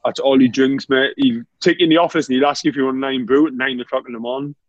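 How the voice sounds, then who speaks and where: A man's voice: medium pitch, very fast, dry recording, muffled recording. A man, a former footballer telling laughing anecdotes in casual chat. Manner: laughing, animated anecdotes with lots of "mate".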